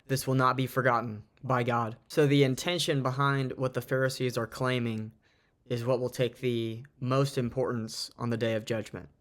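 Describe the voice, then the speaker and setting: Guy reading off his notes about scripture, earnest and thoughtful, steady mid voice. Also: medium pitch. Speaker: Bible teacher. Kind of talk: informal Bible study talk.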